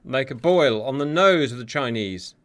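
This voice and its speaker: Excitable man commenting on a war game. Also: medium pitch, moderate pace. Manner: excitable, sarcastic, talks to viewers. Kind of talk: live gameplay commentary. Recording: steady hiss behind the voice.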